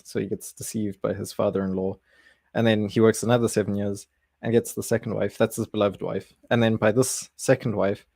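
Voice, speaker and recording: A man's voice: lowish voice, vocal fry, a little mellow, no room sound. A man hosting a casual livestream Bible study, easygoing and chuckling, often restarting his sentences.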